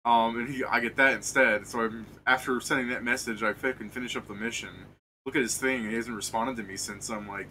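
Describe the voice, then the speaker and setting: A man with a bright, forward voice hosts a stream and chats loosely over a voice call. He tells long stories, swears freely and drifts from point to point. A faint hiss sits under his computer mic. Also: mid-range voice, steady tone, fairly quick. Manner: rambling, profane storytelling with laughs. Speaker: streamer hosting a tabletop game. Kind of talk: casual pregame chat over voice call.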